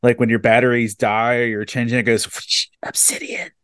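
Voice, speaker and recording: A man hosting a podcast interview, chatting casually and telling stories with animated energy. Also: medium pitch, fast talker, smooth, no echo, clean studio sound. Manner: animated storyteller, casual and excitable. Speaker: podcast host.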